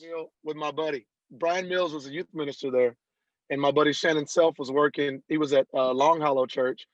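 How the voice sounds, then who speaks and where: A man guests on a casual interview podcast and tells his story in an animated way, acting out the people he quotes. His voice sits a touch high. The sound is dull and lo-fi, with a dry, close feel. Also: a little fast, no echo. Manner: animated storyteller who acts out quoted dialogue. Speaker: guest, country singer.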